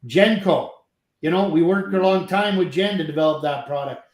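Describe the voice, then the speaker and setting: A man's voice: a little high, moderate pace, a little mellow, roomy sound. A friendly, talkative man from Canada, a company president speaking as a podcast guest, who laughs easily. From French Canada. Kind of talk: casual chat.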